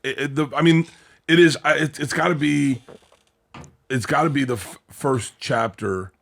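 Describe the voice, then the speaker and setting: A man hosting a podcast, telling animated stories with plenty of swearing and acted-out quotes. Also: on the high side, normal speed, gravelly. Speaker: podcast host. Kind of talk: casual podcast chat.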